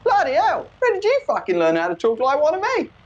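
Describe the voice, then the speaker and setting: A man's voice: extremely high pitch, wildly swooping pitch, fairly quick, dull audio, pitched above the performer's own voice, heavily acted. A man voicing a brash, foul-mouthed little male dragon with an Australian accent who swears constantly and calls everyone mate. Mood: excited.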